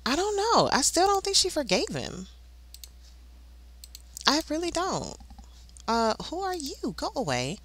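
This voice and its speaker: A woman hosting a life-simulation game let's play, chatting casually and voicing the characters in quick asides. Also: high voice, wildly swooping pitch, a bit bright, slight background noise. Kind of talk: casual gameplay commentary.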